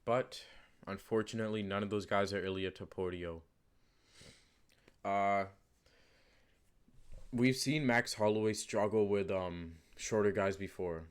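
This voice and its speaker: Low-voiced man rambling through fight picks. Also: unhurried, pauses often, clear, resonant tone. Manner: rambling, many fillers and restarts, emphatic repeats. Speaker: channel host giving fight predictions. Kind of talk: casual unscripted commentary.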